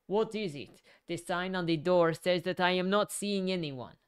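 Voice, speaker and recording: A woman's voice: lowish voice, normal speed, clear, resonant tone, natural voice. A woman voicing a haughty, curt talking suit. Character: haughty irritable empty suit, male official.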